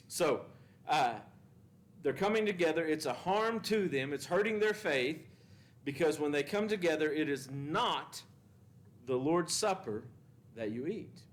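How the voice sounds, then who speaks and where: A man's voice: on the high side, lively intonation, unhurried. Man teaching a church Bible class. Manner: asks the class questions and reads scripture with emphasis.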